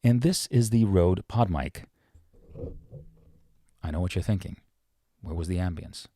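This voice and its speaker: A very low-voiced man talks through a casual microphone lesson. He chats as he explains, stepping toward and away from the studio mic, so his voice sits in a small room full of reflections. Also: unhurried, warm tone, slightly rough. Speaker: voice-over artist teaching about microphones. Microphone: studio microphones tested at changing distances.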